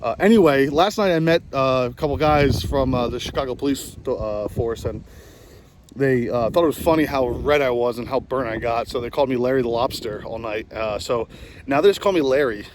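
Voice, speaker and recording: A New Jersey-accented man in his late twenties vlogs while golfing outdoors, talking fairly quickly in a mid-range voice over slight background noise. His stories ramble, poke fun at himself, and are packed with fillers and restarts.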